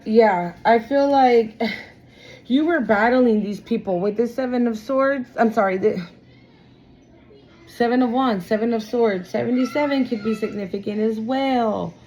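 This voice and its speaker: A woman's voice: a little high, unhurried, darkish tone, dull audio, a little hiss or hum. Profane, emphatic woman reading tarot. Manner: blunt, profane, emphatic, addresses viewers as y'all. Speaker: tarot reader. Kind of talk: casual tarot reading to viewers.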